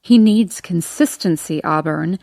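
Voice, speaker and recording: A woman voicing a stern, controlling middle-aged grandmother in an audiobook, speaking in a measured, firm way. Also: fairly low pitch, vocal fry, dark tone, dry recording, clean studio sound, voice pushed down.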